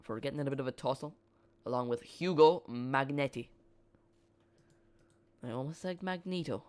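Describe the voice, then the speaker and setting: Streamer, male, casual match chat that loops back on itself; smooth, clean voice, dry close mic. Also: medium pitch, moderate pace, a little mellow, dry recording. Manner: casual, rambling, repeats and corrects himself. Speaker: watch-along streamer. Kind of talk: live football watch-along commentary.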